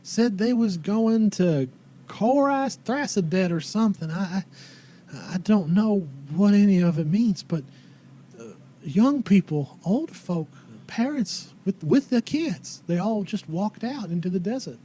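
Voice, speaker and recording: A man's voice: high-pitched, lively intonation, measured pace, warm tone, pitched above the performer's own voice. Man doing a worried old country woman. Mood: plaintive. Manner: folksy country grammar, plaintive. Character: worried old woman tavern keeper, rustic.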